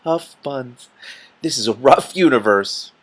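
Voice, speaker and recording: A man's voice: mid-range voice, animated, slow. A man doing a snappish, panicky wizard. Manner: snappish, whining, urgent.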